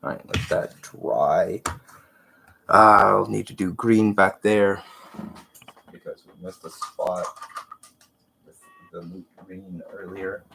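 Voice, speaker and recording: Deep, gravelly congested man. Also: fairly even intonation, slow pace, long pauses, background noise. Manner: rambling, trailing off and muttering while working. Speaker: livestream host. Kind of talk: casual commentary while painting miniatures.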